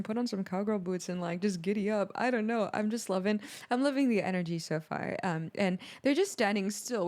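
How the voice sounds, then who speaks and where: A woman hosting a music reaction video, talking in a rambling, excitable way with lots of fillers and restarts. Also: medium pitch. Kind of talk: casual reaction commentary.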